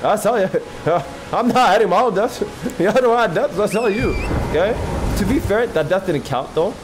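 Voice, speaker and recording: A male streamer giving excitable live gameplay commentary, swearing and talking to his chat from his PC. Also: sits high, normal speed, a little hiss or hum. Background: game music.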